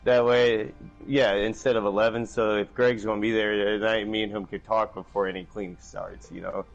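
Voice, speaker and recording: A man's voice: lowish voice, normal speed, vocal fry, highs cut off, soft background music. A man chatting casually on a live stream, telling stories and acting out phone calls. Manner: animated storytelling, acts out phone calls in raised voices. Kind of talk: casual chat.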